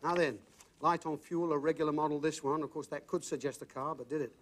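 A man's voice: on the high side, fairly even intonation, quick pace, noisy background. A man hosting a TV game show, bantering and teasing contestants in a bouncy way as he reads out clues. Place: TV studio.

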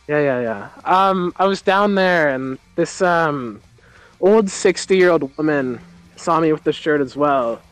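A man talking as a guest on a livestream, telling stories in a halting, stammering way. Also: on the high side, expressive, clean tone, dry recording, poor audio. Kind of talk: casual chat, telling anecdotes.

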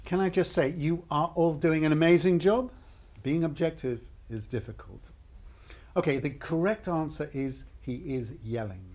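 A man's voice: on the high side, moderate pace, darkish tone, a little hiss or hum, close to an everyday voice. A man playing a chirpy game show host. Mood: upbeat. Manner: upbeat, emphatic presenter. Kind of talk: scripted game show hosting.

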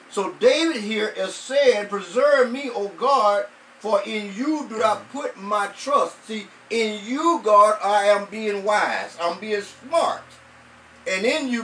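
A man's voice: sits high, fairly bright tone, recorded from a distance, a little hiss or hum, poor audio. A man, a pastor, preaching a sermon, repeating phrases and stretching out words for emphasis. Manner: repetitive emphatic preaching, drawn-out stresses.

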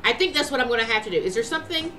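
A woman playing a video game and commenting in a chatty, excitable way, often talking to the characters. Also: sits high. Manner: chatty, excitable, talks to her game cat. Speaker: let's play gamer. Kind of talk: let's play commentary.

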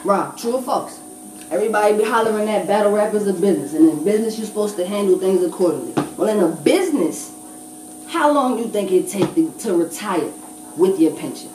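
A woman's voice: mid-range voice, animated, brisk. A woman battle rapper speaking in a blunt, profane, emphatic way during a casual interview. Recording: echoey room, distant mic, noisy.

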